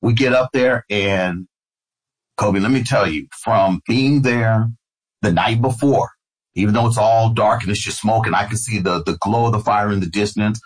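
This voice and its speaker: A man's voice: on the low side, normal speed, breathy edge, rough recording. A middle-aged man, a radio host, telling a personal story in conversation and acting out the voices of the people in it. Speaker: radio host, interview guest.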